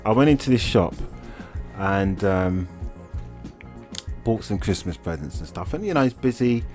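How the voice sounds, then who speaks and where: A man's voice: low-pitched, animated, measured pace, darkish tone, faint music behind. A man co-hosting a comedy podcast, telling a story in a laid-back way and acting out the quotes. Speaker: podcast co-host. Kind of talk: casual comedic chat.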